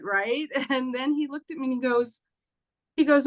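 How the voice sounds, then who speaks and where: A woman telling a personal story, halting and acting out a child's voice softly. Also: fairly high pitch. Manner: halting, acts out dialogue softly. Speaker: guest. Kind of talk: emotional storytelling.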